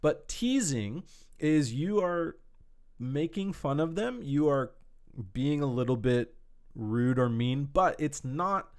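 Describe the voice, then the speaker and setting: A man's voice: fairly high pitch, expressive, slow pace, clean tone. A man teaching an online English lesson to a camera in a room, explaining words patiently with simple examples. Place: indoor room, warm. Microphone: speaking to a camera.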